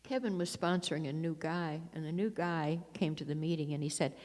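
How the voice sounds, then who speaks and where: A woman's voice: deep voice, a little fast, darkish tone. A woman giving a personal talk at a recovery meeting, telling rambling stories with frequent laughs and restarts. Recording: long hall reverb.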